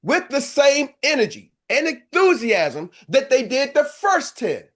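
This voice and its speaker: An older man coaching a live seminar, talking in a punchy, energetic way and throwing rhetorical questions to the audience. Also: extremely high pitch, a little slow. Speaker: business coach.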